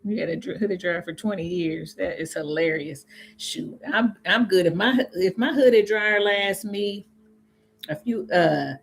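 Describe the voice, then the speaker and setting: A woman with a Southern US accent, chatting casually with viewers on a live stream, reading comments aloud and answering them with sudden high, laughing exclamations. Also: a little slow, gravelly, slight background noise. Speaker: YouTube host answering live chat.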